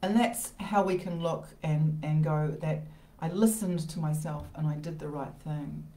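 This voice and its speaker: A woman with a deep, mellow voice speaks a little slowly and in a steady tone while hosting a live self-help talk. She's in her home conservatory, where a roomy echo follows her informal, rambling motivational talk with its restarts and asides.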